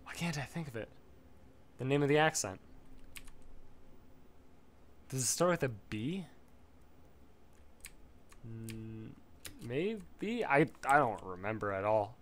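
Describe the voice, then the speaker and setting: A man's voice: mid-range voice, big pitch swings, measured pace, long pauses, fairly bright tone. Man, mid-range voice, chatty let's-play host who rambles and swears, faint background noise. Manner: rambling, swears freely, laughs often. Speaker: gamer leveling a character. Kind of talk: casual gameplay commentary.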